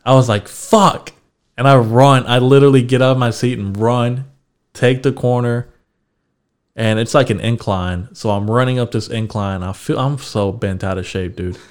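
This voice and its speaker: A man's voice: mid-range voice, normal speed, a little mellow, smooth. A young man hosting a podcast, telling a story in a casual, laid-back way. He swears freely and laughs as he talks. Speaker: podcast host.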